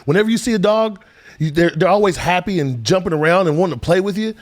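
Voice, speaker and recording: A man's voice: sits high, quick pace. A male podcast co-host making his case in a casual mock debate, with earnest, sing-song speechifying.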